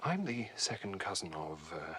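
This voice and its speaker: An actor playing an excitable, easily flustered English gentleman who gushes and blusters in a period TV drama. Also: low-pitched, moderate pace, a little hiss or hum. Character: excitable, girl-crazy English gentleman, adult man.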